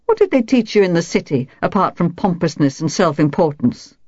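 A woman's voice: fairly low pitch, very animated, fairly quick, dark tone, no echo, muffled recording. A woman voicing a sly, malicious old village woman who teases lazily. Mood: mocking. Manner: malicious, lazy teasing.

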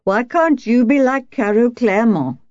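A woman's voice: on the high side, unhurried, darkish tone, dry recording, dull audio, voice pushed up, lightly acted. Woman mimicking a drunken, sneering husband. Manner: thick, slurred, sneering.

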